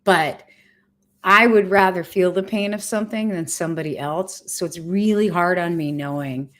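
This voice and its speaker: A middle-aged woman talks straight to the camera from home in a slightly low voice. She is frank and emotional, drops the odd curse word, and keeps a candid, personal tone. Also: normal speed, fairly bright tone. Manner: frank and emotional, with casual swearing. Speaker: vlogger sharing a cancer journey.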